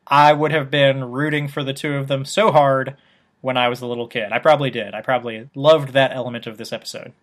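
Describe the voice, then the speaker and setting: A man co-hosting a podcast, recapping a TV episode in animated casual chat and laughing often. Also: mid-range voice, brisk. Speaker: podcast co-host.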